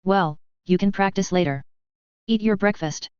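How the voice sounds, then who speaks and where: A woman reading the part of a gentle, fond mother in an audiobook. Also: mid-range voice, normal speed, clear, resonant tone, no room sound, lo-fi sound, close to an everyday voice.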